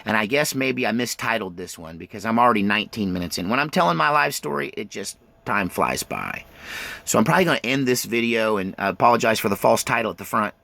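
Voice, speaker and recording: A man's voice: on the low side, animated, fast, vocal fry, sharp tone. A middle-aged man telling his own life story in a rambling, self-interrupting way, full of fillers and restarts. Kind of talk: autobiographical storytelling.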